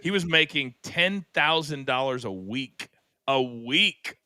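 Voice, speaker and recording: A man hosting a talk podcast, laid back and quick to laugh, moving the talk along. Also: medium pitch, lively intonation, pushed and bright, dry recording. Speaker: podcast host.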